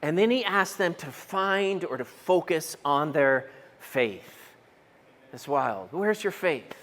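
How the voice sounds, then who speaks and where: High-voiced preacher in a reverberant church. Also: male voice, slow pace. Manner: animated storytelling, acts out quotes, asks the room questions. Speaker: pastor. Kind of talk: sermon. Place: church auditorium. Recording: long reverb of a church hall.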